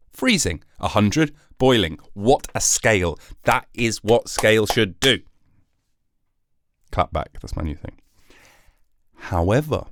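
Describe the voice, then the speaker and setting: A man's voice: fairly low pitch, fairly bright tone, no echo, clean studio sound. A British man hosting his own podcast, rambling through a jokey, sarcastic solo monologue. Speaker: podcast host.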